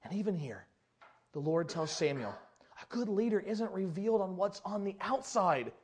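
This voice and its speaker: A male preacher with a notably high voice delivers a sermon in a lively, chatty manner. He jumps from loud emphatic bursts to quiet, hushed asides. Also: moderate pace, a little hiss or hum. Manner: animated, conversational, swings from loud to hushed.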